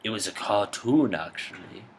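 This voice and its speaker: A man impersonating a wise, wry old wizard who speaks slowly and teasingly. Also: lowish voice, animated, slight background noise.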